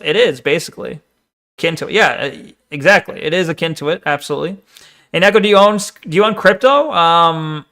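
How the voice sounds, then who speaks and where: A male streamer chatting casually while reacting to a video, with a high voice. His tone is bright, and he swears and laughs freely. When he gets excited, he trips into stammers. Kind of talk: casual chat.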